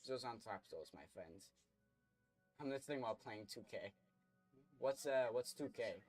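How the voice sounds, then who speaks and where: A man's voice: mid-range voice, expressive, normal speed, darkish tone, soft background music. A young man streaming a game, chatting casually and rambling while he reads chat and plays.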